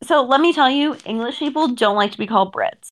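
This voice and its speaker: A woman's voice: high voice, brisk. A woman co-hosting a podcast, asking quizzical questions and arguing her point in casual chat. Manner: quizzical, argumentative. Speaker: podcast co-host.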